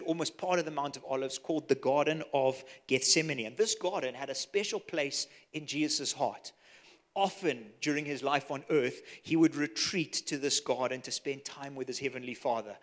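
A man with a Zimbabwean accent preaching a sermon, earnest and storytelling, sometimes dropping to a soft hush for emphasis. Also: on the high side. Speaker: pastor.

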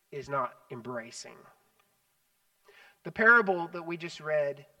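A man preaching a sermon as pastor, animated, swinging between loud emphasis and hushed asides. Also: fairly high pitch, far from the mic, rough recording. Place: church sanctuary.

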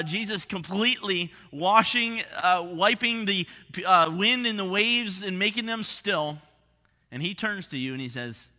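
A man preaching with a high, very bright voice that rings out in a hall with a long reverb tail. He moves from lively, emphatic lines down to hushed, low passages as he presses his point. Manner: expressive preaching, drops to hushed tones for emphasis. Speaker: pastor. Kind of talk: sermon.

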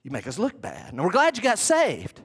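Guy pastor preaching, kinda high voice, chatty with big emphatic bits. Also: wildly swooping pitch, normal speed, fairly bright tone, husky. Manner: conversational, emphatic preaching with sudden bursts and asides. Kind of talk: sermon.

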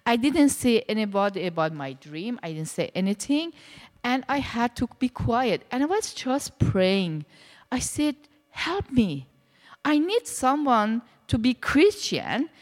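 Woman telling her faith story, lively voice jumping up and down, long echoey reverb. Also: on the high side, measured pace. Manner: animated storytelling, acting out quoted dialogue. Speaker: church member sharing testimony. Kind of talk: personal testimony.

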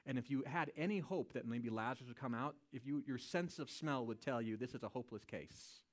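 A man's voice: medium pitch, brisk. A man preaching a sermon in a casual, conversational way, often checking in with a questioning "right?". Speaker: pastor.

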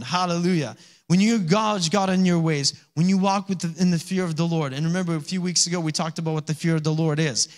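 Man preaching a sermon, high voice, chatty, acts out quotes, swells to loud calls. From Alaska. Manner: conversational preaching, acts out little voices and laughs; rising to loud exhortation. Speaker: pastor.

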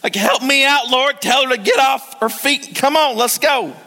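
A woman's voice: sits high, normal speed, sharp tone, in a large hall, voice pushed up. A man voicing an overworked, exasperated woman who whines for help, in a raised voice. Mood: whining. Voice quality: whining.

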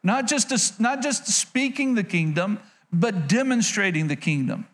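A man with a notably high voice preaches to his congregation with real energy. He reads scripture, then slips into playful asides and calls out for an amen. The sound has the feel of a church service. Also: lively intonation, a little slow, a bit bright. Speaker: pastor. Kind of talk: sermon.

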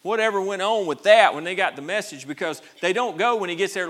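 A man pastor preaching with a fairly high, bright voice. He is emphatic, repeats words as he gathers his thoughts, and swings between hushed and forceful passages. His pitch moves all over. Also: expressive, quick pace. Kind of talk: sermon.

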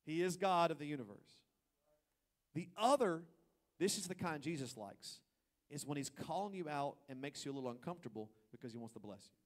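A man preaching a sermon as pastor, swinging from quiet asides to loud emphatic stretches and acting out people's thoughts in playful quoted voices. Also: fairly high pitch, lively intonation, fairly quick.

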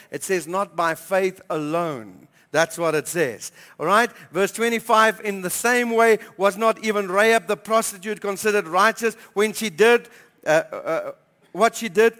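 A man preaching as pastor, emphatic and repeating key phrases, slowing down to stress scripture. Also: high voice, a bit bright, in a large hall. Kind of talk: sermon. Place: church hall.

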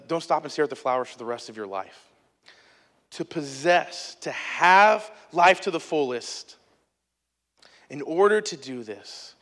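A man in his thirties with a slightly high, fairly bright voice preaches a sermon as a pastor in an echoey hall. He tells stories in a conversational, emphatic style, tossing asides to the congregation.

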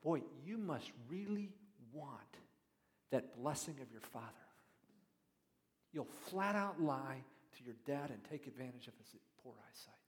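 A male pastor giving a sermon, reading verses and then putting pointed questions to the listeners, going from hushed asides to loud emphatic preaching. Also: mid-range voice, expressive, a little slow. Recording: reverberant hall.

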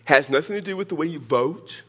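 A man's voice: a little high, lively intonation, a little fast, a bit bright, breathy edge. An older man preaching a sermon, teaching verse by verse with joking asides to his congregation. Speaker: pastor.

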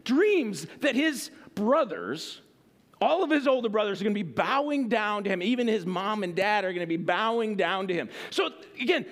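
A man's voice: high-pitched, expressive, moderate pace. A man preaching a sermon in a casual, conversational way, full of fillers and frequent "right?" checks. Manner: conversational, filler-heavy, keeps asking "right?". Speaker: pastor.

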